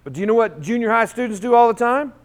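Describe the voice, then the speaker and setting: A man with a high-pitched voice gives an animated talk in a school assembly hall. He tells stories, acts out the dialogue, and gets the crowd to chant lines back to him. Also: fast talker, clean tone. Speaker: motivational school speaker. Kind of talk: storytelling speech with call-and-response.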